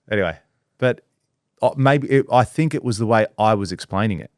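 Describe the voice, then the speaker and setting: A man co-hosting a podcast in casual chat, relaxed and agreeable, often answering with short replies. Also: lowish voice, a little fast, no echo, clean studio sound. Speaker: podcast co-host.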